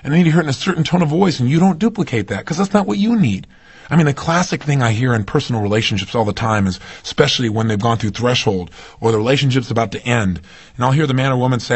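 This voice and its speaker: A man's voice: mid-range voice, expressive, fast, a little mellow, slightly rough. A man giving an emphatic motivational seminar talk, often putting rhetorical questions to his audience. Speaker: motivational speaker.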